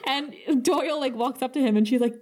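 A woman's voice: high voice, fairly quick, darkish tone, a little hiss or hum. A woman hosting a podcast, retelling an episode in casual chat with lots of giggling. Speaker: podcast host.

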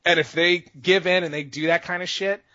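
A man's voice: high voice, fairly even intonation, fairly quick, pushed and bright, dry recording. A man co-hosting a casual podcast, talking emphatically and often adding "okay?" for emphasis. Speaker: podcast co-host. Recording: dull, lo-fi sound.

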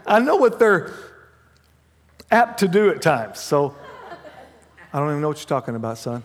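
A man preaching a sermon as pastor, mixing humorous family stories with hushed prayer. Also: fairly high pitch, lively intonation, a little fast, pauses often. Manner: dramatic swings from loud to hushed prayer; humorous storytelling with laughs. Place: church sanctuary. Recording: long hall reverb.

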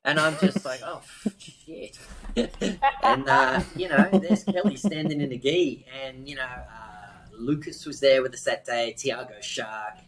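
A man's voice: mid-range voice, normal speed, creaky, hardly any pauses, crowd noise, rough recording. A man, hosting a podcast and telling a casual anecdote with lots of fillers. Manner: relaxed, animated anecdotes with many fillers. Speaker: podcast host. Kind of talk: casual storytelling.

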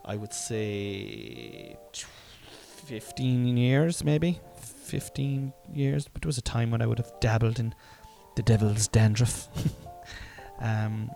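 A man's voice: medium pitch, very animated, slow pace, gravelly, dark tone, soft background music. A man in his forties musing aloud in a casual, rambling monologue, self-mocking and swearing freely. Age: 40s.

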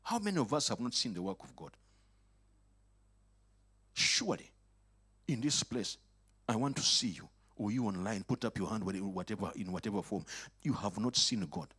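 Husky preacher man with lively swings. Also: lowish voice, moderate pace, pauses often. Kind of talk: lively sermon. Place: church or worship hall.

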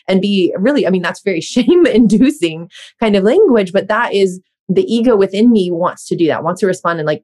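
A woman's voice: mid-range voice, lively intonation, brisk, hardly any pauses, darkish tone. A woman in her thirties hosting a conversation, chatty and self-deprecating, laughing often as she talks. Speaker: host. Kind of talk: casual podcast chat.

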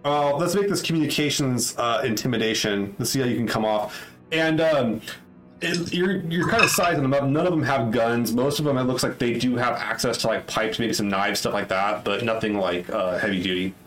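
A man's voice: medium pitch, normal speed, a bit bright, echoey room, soft background music, low-quality recording. A man narrating a tabletop game as game master who rambles, restarts, and fills his speech with "like" and "uh.". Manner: rambling, many fillers and restarts.

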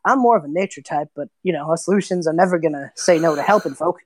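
A woman voicing a short, gruff old male lighthouse keeper with wild white hair, who talks bluntly and impatiently. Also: low-pitched, quick pace, close to an everyday voice.

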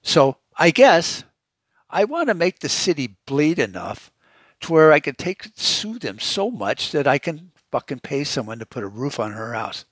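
A man's voice: fairly high pitch, big pitch swings, a little slow, fairly bright tone, dry recording. A man hosting a podcast, ranting heatedly and sarcastically with constant swearing. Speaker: podcast host. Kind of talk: profane rant.

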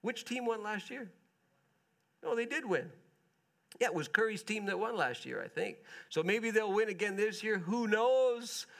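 A man preaching a sermon in a relaxed, conversational way, asking his listeners questions as he goes. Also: sits high, normal speed, gravelly. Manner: conversational, chatty with the congregation, asks them questions. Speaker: pastor.

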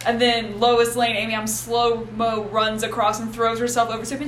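A woman with a fairly high voice chats casually on a podcast, eagerly sharing movie trivia. Her voice rings with room echo over a faint hiss. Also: fairly even intonation. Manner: enthusiastic, quick to share film trivia. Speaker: podcast co-host.

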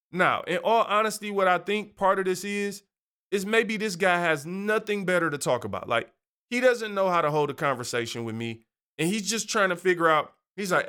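A man hosting a show, telling a story in a casual, animated, slangy way and laughing often. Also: sits high, clean tone. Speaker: podcast host.

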